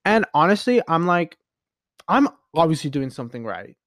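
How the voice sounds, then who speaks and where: A man's voice: fairly high pitch, very animated, moderate pace, fairly bright tone, dry recording. Chatty rambling man, dry sound. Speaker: podcast host. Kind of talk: casual solo monologue.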